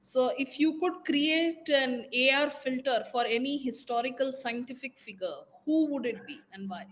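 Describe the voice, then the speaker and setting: Polite woman interviewer, higher voice. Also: normal speed, fairly bright tone. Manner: polite, structured questioning. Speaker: interview host. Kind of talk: interviewer asking questions.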